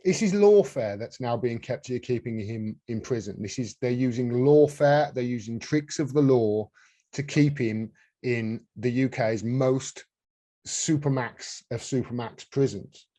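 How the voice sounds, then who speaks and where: Male host, heated and indignant, mellow dark tone, mid pitch. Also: unhurried. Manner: heated, indignant, swears freely. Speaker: podcast host. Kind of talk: casual political chat.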